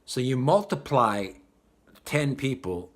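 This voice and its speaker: A man giving a spiritual talk, animated and acting out the voices of the people he describes. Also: mid-range voice, takes it slowly. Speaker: spiritual teacher.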